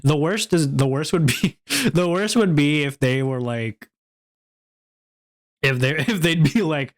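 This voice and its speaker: Slow, rambling young streamer guy. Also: a little high. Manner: rambling, self-deprecating, lots of fillers. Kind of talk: casual stream chat.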